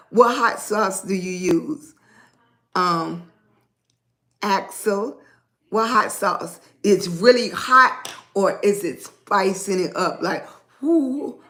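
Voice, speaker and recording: Unhurried raspy-voiced woman livestreaming. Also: mid-range voice. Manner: greets chat viewers by name, unhurried and chatty. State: hoarse. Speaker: livestream host. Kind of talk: casual livestream chat.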